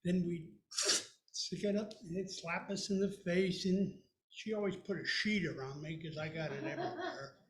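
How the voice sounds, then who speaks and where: A man's voice: high voice, normal speed. Older man telling a folksy story. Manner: animated, folksy, plays many voices. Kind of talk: live storytelling. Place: storytelling event hall. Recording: echoey room.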